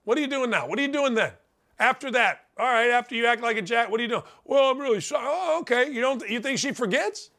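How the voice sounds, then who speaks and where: Loud folksy radio host guy, high voice that swings all over, bright and brash. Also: expressive, fast. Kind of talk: animated opinion monologue.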